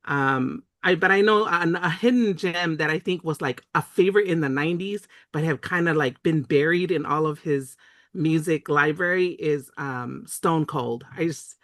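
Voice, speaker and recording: A man sharing his favorite songs in a casual chat, speaking hesitantly with many pauses and fillers. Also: a little high, fairly bright tone, no room sound, clean studio sound. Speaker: guest sharing a memory.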